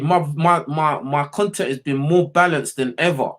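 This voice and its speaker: A man's voice: on the high side, normal speed, a bit bright. Blunt, profane man ranting. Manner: blunt, profane, heated, repeats "you know what I mean". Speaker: livestream host. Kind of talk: unscripted rant to livestream chat.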